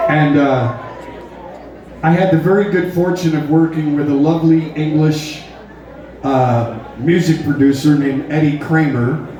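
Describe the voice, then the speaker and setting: A man's voice: fairly high pitch, dark tone. A middle-aged man, a rock singer, telling a story between songs at a live show in a joking, laid-back way, recorded from a distance in a large hall. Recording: echoey hall, distant, with crowd noise.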